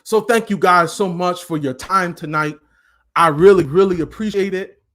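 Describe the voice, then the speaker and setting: A life coach gives a passionate live motivational talk, his voice sitting high at a normal speed. His preaching cadence at times swells into loudness.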